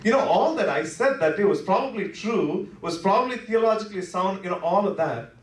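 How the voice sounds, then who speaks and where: A man's voice: expressive, fairly quick. Impassioned preacher man in an echoey sanctuary. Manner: conversational, full of "you know" fillers; swings between soft, low asides and impassioned rises. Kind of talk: Good Friday sermon. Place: church worship center. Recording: echoey sanctuary heard from a distance.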